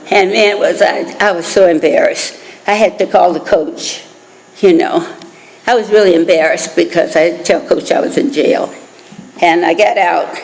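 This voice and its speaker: A woman's voice: medium pitch, gravelly. An older American woman telling her personal recovery story at a meeting, chatty and laughing through asides. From United States. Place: meeting hall. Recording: reverberant hall.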